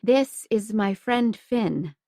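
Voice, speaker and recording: A woman's voice: mid-range voice, lively intonation, slow pace, warm tone, no echo, clean studio sound. A woman narrator voicing an anxious young orphan woman with an urgent, breathless manner.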